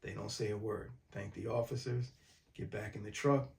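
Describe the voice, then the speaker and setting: A man from mid-state New York, calmly recounting a personal story in a documentary interview. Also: on the low side, moderate pace, creaky.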